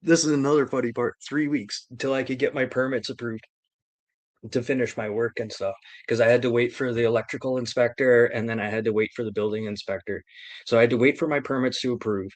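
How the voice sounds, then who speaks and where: A man's voice: medium pitch, fairly even intonation, quick pace, no room sound. Profane, rambling guy. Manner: profane, rambling, laughing storyteller. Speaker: renovation contractor. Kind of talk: casual storytelling. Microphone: streaming mic.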